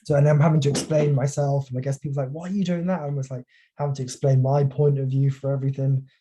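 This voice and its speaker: A young student talks openly in a career coaching session. His voice is very dark and mellow, and he is self-deprecating and halting, often restarting his sentences. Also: mid-range voice, completely flat delivery, a little hiss or hum. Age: young adult.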